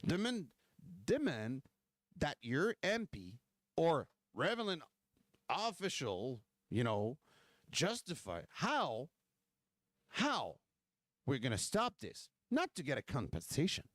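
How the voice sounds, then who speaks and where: Male host, impassioned rant, higher voice, dry close sound. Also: huge pitch swings, slow, long pauses, no echo. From Quebec. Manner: fiery, repetitive, full of rhetorical questions. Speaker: political livestream host.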